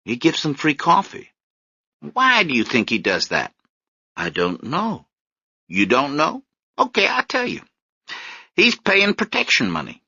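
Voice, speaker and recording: A wry young activist who lectures passers-by and teases a child, as a male narrator plays him. His voice sits high and swings widely. The recording is dry and a little dull. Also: wildly swooping pitch, measured pace, pauses often, pushed and bright, husky, no room sound, heavily acted. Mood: teasing. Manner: teasing, lecturing, emphatic. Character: wry young male street-corner activist and law student.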